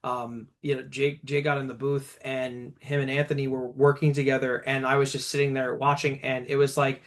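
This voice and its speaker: A man's voice: medium pitch, flat delivery, moderate pace. A man from the United States, a guitarist in a guest band, chatting casually in an interview and acting out quotes in a raised voice as he tells stories.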